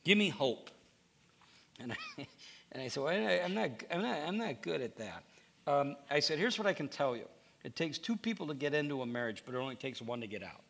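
A man's voice: on the high side, a little fast, creaky. A middle-aged male pastor preaching a sermon in a conversational, storytelling way. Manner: conversational storytelling, animated with restarts.

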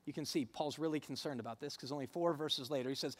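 A man's voice: fairly high pitch, sing-song, moderate pace, few pauses. A pastor in his thirties preaching a sermon, conversational and storytelling, pressing harder on key points. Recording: long hall reverb.

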